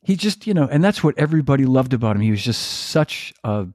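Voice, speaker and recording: A man's voice: mid-range voice, sing-song, fast talker, a little mellow, no room sound. Rambling male host, dry sound. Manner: rambling, many restarts. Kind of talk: casual chat.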